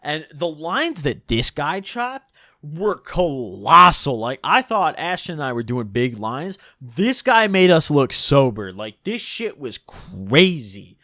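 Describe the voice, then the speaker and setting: A young man casually telling a long story, rambling and animated, full of "like" and "dude". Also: a little high, slow pace, dry recording, studio quality.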